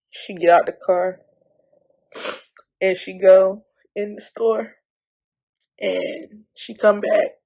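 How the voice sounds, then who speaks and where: A woman's voice: mid-range voice, steady tone, slow, vocal fry, long pauses, a little mellow, low-quality recording. A young woman from North Carolina, telling an emotional storytime vlog bluntly while holding back tears. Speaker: vlogger.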